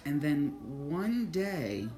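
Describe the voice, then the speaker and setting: A woman vlogger telling a spiritual story in casual, profane talk, moving between hushed and excited. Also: deep voice, extremely slow, reverberant, soft background music.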